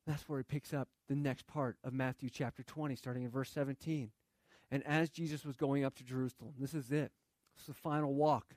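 A man's voice: fairly high pitch, a little mellow, no echo, studio quality. A man preaching a sermon in a conversational way, reading scripture and asking rhetorical questions. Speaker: pastor.

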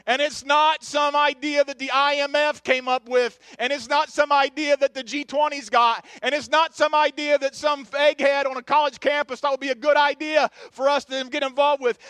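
Male pastor, very high voice, impassioned sermon delivery, dry close sound. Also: no echo. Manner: impassioned preaching, rising to shouts with repeated phrases. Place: church sanctuary.

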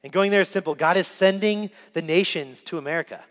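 A young man delivers an earnest sermon, repeating key lines for weight. His voice is fairly high for a man. A long hall reverb trails every phrase. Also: quick pace. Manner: earnest storytelling with emphatic repetition. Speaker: preacher. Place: church sanctuary.

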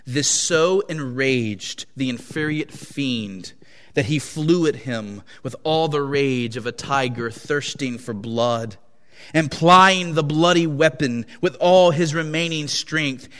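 A male preacher recounts a tragic story in a slow, solemn way. His voice sits mid-range, and each phrase rings out with the long reverberation of a big hall. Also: medium pitch, fairly bright tone. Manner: slow, solemn and dramatic reading. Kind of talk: sermon storytelling. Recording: long echo of a large hall.

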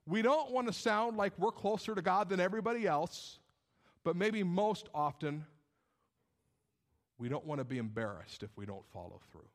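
Guy preaching a sermon, pretty high voice, dynamic, does little voices of doubters. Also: expressive, moderate pace. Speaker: pastor.

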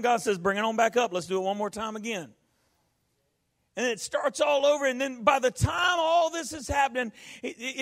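High-voiced folksy preacher man. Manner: folksy preaching, rises to shouting. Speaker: pastor. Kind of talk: sermon.

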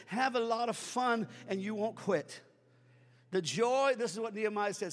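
High-voiced older man preaching. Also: normal speed. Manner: builds to fervent shouting preaching. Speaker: pastor. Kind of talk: sermon. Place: church sanctuary. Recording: reverberant church hall with music.

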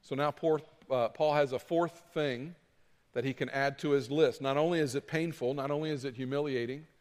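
A man preaching a sermon as pastor, dramatic, moving between loud pleading and quiet asides. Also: mid-range voice, steady tone, normal speed, long reverb tail.

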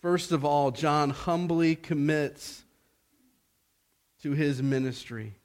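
A man delivering a sermon in a slightly high voice. He speaks slowly and deliberately, pausing between phrases, and his voice climbs and grows louder when he drives a point home. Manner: slow, deliberate preaching that swells in pitch and force on key points. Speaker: preacher.

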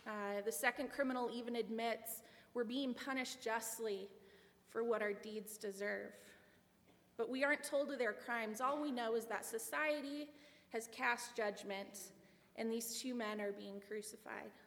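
Lady giving a sermon, kinda high voice, earnest, big echoey hall. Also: unhurried, a bit bright. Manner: reflective, earnest storytelling. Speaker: preacher. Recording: long hall reverb.

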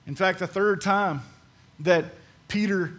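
High-voiced man preaching a sermon. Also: slow pace. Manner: emphatic, repeats key phrases; swings between soft and loud delivery. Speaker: pastor.

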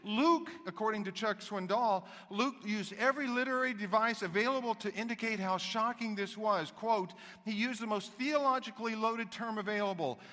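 A man preaching a sermon as pastor, animated and dramatic, dropping to a hush and then rising loud again. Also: high voice, normal speed, few pauses, long reverb tail. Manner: animated, dramatic shifts between hushed and loud.

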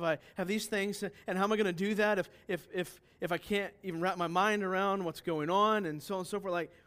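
Man, pastor, high-pitched voice, emphatic sermon, rhetorical questions, loud-to-quiet swings.

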